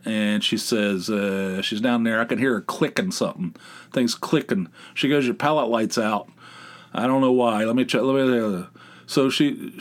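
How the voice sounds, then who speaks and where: A man hosting a podcast, telling a rambling, profane, sarcastic story in a casual monologue. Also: medium pitch. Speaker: podcast host.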